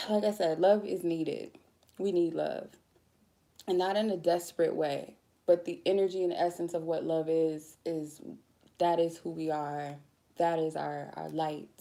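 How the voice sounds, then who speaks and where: A woman's voice: on the low side, mellow. A woman tarot reader giving a casual spiritual talk, blunt and goofy, swearing freely.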